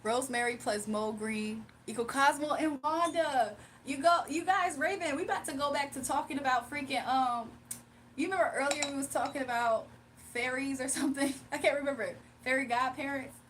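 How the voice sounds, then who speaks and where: A woman's voice: high voice, steady tone, a little fast, fairly bright tone, distant mic, slight background noise. A young woman hosting a casual livestream, playful and laughing as she talks to her chat. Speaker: livestream host.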